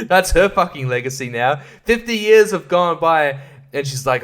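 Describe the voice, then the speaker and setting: A man's voice: a little high, lively intonation, moderate pace, a bit bright. A man hosting a podcast, reviewing a film in a sarcastic, rambling way, with lots of swearing and laughter at his own jokes. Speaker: podcast host.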